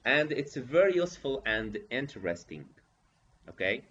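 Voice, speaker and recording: A man teaching pronunciation over a video call, slowly repeating prompts and coaxing participants to answer. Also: medium pitch, big pitch swings, a bit bright. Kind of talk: online teacher training session. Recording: dull lo-fi audio with faint hiss.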